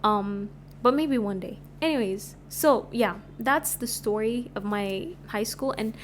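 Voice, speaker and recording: A woman's voice: fairly high pitch, measured pace, a little hiss or hum. A woman in her twenties from Sudan, chatting casually as she tells stories on her podcast and filling her talk with "like". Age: 20s. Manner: chatty, animated, lots of filler "like". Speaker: podcast host. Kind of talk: casual storytelling.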